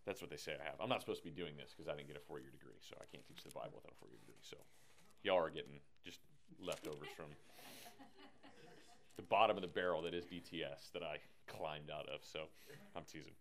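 A man's voice: rumbling low, fast talker, creaky. A man teaching a casual Bible class with lots of energy, jokes and tangents. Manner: energetic, joking, digressive.

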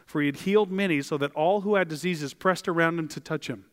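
A man preaching a sermon as a pastor, animated and acting out the voices of the people in the story. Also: on the high side, fast, big-room sound. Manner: animated, acts out voices of biblical figures. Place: church.

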